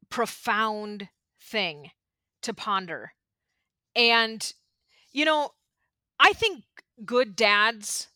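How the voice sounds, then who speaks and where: Woman host, slow and halting, crisp bright tone, dry close mic. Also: fairly high pitch, no echo. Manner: hesitant, many restarts and fillers. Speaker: podcast host. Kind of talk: reflective conversational talk.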